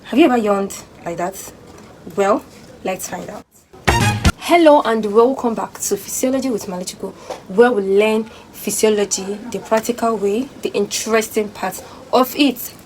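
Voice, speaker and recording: A young woman, hosting a casual educational vlog and explaining physiology in a chatty, animated way. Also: mid-range voice, moderate pace, music in the background, poor audio. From Nigeria. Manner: chatty and animated, acting out sleepy voices and sighs. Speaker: student host of a physiology channel.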